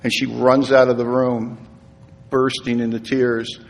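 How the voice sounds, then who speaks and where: A man's voice: medium pitch, flat delivery, a little slow, vocal fry. Middle-aged man telling a story in a reverberant hall. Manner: earnest storytelling, acts out voices in quotes, drops to hushed tones. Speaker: AA speaker. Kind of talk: personal recovery talk to an audience. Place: meeting hall.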